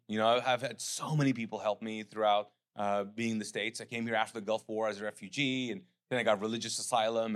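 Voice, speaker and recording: Here a middle-aged man from Pakistan, a pastor, delivers a sermon in a somewhat low voice. He starts with lively storytelling and then settles into calm, sincere reflection.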